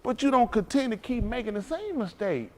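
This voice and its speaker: A man preaching a sermon, rousing and conversational, swinging between loud calls and hushed asides. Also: extremely high pitch, sing-song, fairly quick. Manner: rousing call-and-response preaching, Southern Black church cadence. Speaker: pastor.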